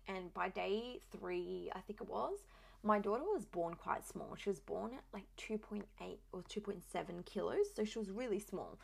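Candid young woman with a gravelly fry. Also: mid-range voice. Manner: chatty, candid, many "like" fillers. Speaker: new mother sharing her story. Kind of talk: casual personal storytelling.

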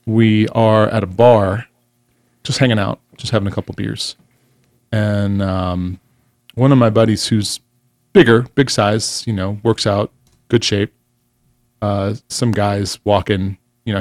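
A man's voice: lowish voice, darkish tone, no echo, studio quality. A man co-hosting a casual chat, blunt and profane, who laughs often. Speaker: podcast co-host.

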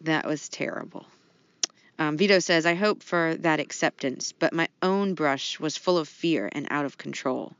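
A woman's voice: low-pitched, moderate pace, dry recording. A woman co-hosting a podcast, chatting casually and reading out a listener's letter. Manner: laughs easily, casual with fillers. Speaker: podcast co-host. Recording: dry, dull lo-fi sound.

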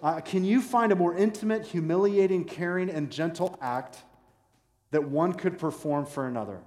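A man preaching a sermon to a church congregation in a relaxed, conversational way, joking and acting out the people in his story. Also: fairly high pitch, normal speed. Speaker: pastor. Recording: echoey hall with long reverb.

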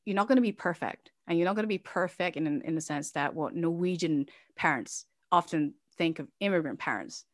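A woman's voice: fairly low pitch, brisk, hardly any pauses, dry recording, studio quality. A woman, an immigrant mother living in Norway, telling a personal story as an interview guest, emotional and laughing at times, with many fillers.

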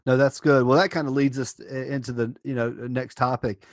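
A man hosts a podcast, backing up his guest with quick agreement before steering toward the next question. His voice sounds close and dry, with almost no room around it, in a middle pitch. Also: level tone, no echo. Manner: affirming, guides the conversation to the next topic. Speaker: podcast host. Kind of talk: podcast conversation.

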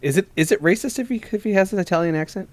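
A man co-hosting a casual podcast, cutting in with quick quips and hedging with lots of fillers. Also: sits high. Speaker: podcast co-host. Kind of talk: casual chat.

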